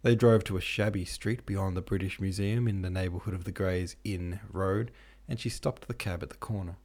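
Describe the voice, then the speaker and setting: A man reading a classic novel aloud as its narrator, in a steady, measured way. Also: low-pitched, a little hiss or hum. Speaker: audiobook narrator and podcast host.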